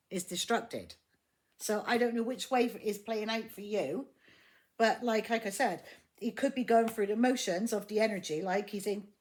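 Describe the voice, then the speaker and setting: A woman giving a casual tarot reading, blunt and exasperated, swearing heavily and laughing often. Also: medium pitch. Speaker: tarot reader.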